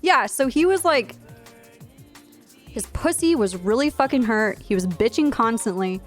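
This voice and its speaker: A woman's voice: on the high side, expressive, measured pace, faint music behind. A woman streamer in her twenties tells a blunt, profane, rambling story, full of fillers, in casual chat. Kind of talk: casual storytelling while live streaming a game.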